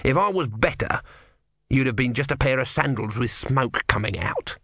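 A man's voice: mid-range voice, animated, moderate pace, fairly bright tone, dry recording, clean studio sound. A man voicing a grumpy male god trapped as a tortoise, petulant and offhand in an audiobook. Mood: sulky. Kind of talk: audiobook character voice.

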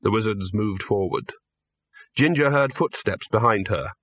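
A man reading an audiobook in a measured, dry storytelling manner. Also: lowish voice, a bit bright, dry recording. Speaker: narrator. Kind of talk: audiobook narration.

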